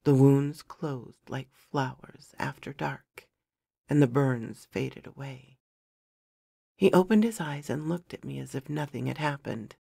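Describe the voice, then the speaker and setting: Woman storyteller, gravelly voice, slow and measured, dry close sound. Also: extremely low pitch, dark tone, no room sound. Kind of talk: first-person fantasy narration.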